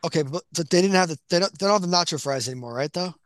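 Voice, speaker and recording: A man co-hosting a casual podcast, talking quickly in a slightly high voice. He asks questions in a halting way and restarts often. The sound is dry and close. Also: no room sound. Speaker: podcast co-host. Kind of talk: casual chat.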